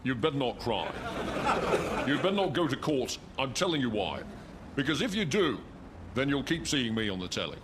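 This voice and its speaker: A man doing an impression of a male politician, crooning his threats to a carol tune in a low gruff voice. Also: very animated, moderate pace, lightly acted. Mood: mocking. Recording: noisy live radio recording.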